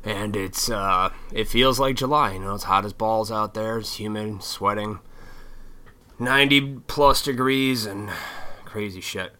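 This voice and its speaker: A man's voice: fairly low pitch, unhurried, bright, forceful tone. A young adult man hosting his own vlog, rambling casually with lots of fillers and easy swearing. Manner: laid-back, swears casually, frequent fillers. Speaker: vlog host.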